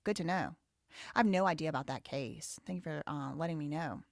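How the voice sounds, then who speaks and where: A woman's voice: brisk, vocal fry, dry recording, clean studio sound. A woman from the Southern US hosting a live stream, reading super chats and giving blunt, outspoken commentary. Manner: blunt, outspoken, rising loud and high when heated. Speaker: livestream host.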